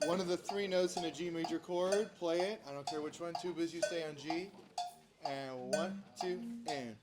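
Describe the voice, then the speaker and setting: A man's voice: on the high side, normal speed, very noisy. Man directing a band class. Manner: counts off and directs rehearsal, asks questions. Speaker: band teacher. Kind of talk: classroom instruction. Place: school band room.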